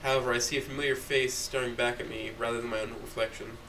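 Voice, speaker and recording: A man's voice: medium pitch, flat delivery, quick pace, background noise. A young man streaming, reading a story aloud in first person with blunt, profane asides. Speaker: streamer reading a visual novel.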